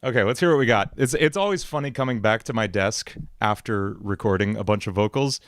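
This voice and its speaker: Excitable young man chatting on a stream. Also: fairly low pitch, a little fast, no room sound. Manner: excitable, rambling, laughs often. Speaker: musician livestream host. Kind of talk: casual livestream chat. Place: home music studio.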